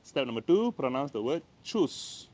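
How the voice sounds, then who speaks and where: A man's voice: mid-range voice, big pitch swings, normal speed, a little mellow. A man with a Malaysian English accent giving a casual, playful language lesson, recorded on a handheld camera by the door of a house. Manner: chatty, playful, repeats words. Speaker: language teacher. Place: by the door of a house, outside in the rain.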